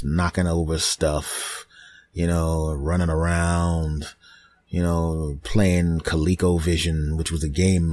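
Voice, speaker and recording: In a comedic storytelling monologue, this middle-aged podcast host from the US East Coast rambles and stammers, restarting often and putting on voices when quoting. His voice is deep and a little mellow, with no room sound.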